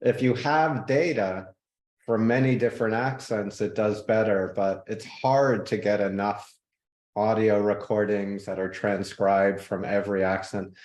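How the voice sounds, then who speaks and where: A man guest in a podcast interview, telling relaxed stories and now and then mimicking people. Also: on the low side, unhurried, reverberant. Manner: relaxed, laughs easily, mimics people in anecdotes. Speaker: guest, tech innovator. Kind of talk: conversational interview storytelling.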